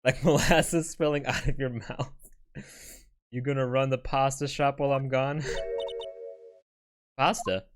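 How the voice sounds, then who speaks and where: A gruff old father drawls his words out slowly, proud of his kids, as a male streamer puts him on. Game music plays clearly behind this video game voice. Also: mid-range voice, little pitch movement, natural voice. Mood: fatherly. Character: slow-talking old man, gruff fatherly pasta shop owner.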